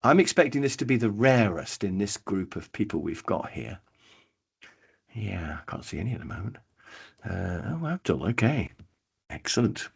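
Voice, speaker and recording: A man, running a live online training workshop, chatty and lively, calling on attendees by name. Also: lowish voice, normal speed, vocal fry, breathy edge. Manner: lively, chatty, acts out brief voices, addresses attendees by name.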